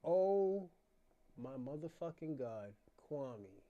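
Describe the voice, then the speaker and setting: A man holds forth in a loose, unscripted monologue on his own channel. He taunts and cackles, drops to low mutters, then bursts out loud. The sound is close and dry, with no room around it. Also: very animated, slow pace, no room sound, dull audio. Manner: mocking, laughing, swings from quiet mutters to loud outbursts.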